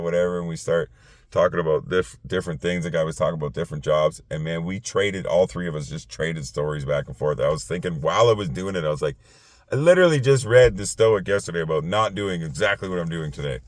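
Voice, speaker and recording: A man's voice: rumbling low, no room sound. A tired man hosting a casual late-night talk show, rambling with many fillers and restarts. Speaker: podcast host.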